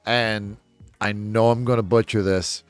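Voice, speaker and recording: Man in a laid-back book vlog, smooth voice, meandering delivery, dry close-up sound. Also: lowish voice, fairly even intonation, a little slow, no room sound. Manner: rambling, chuckling, self-deprecating asides. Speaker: book reviewer. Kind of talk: casual book synopsis vlog.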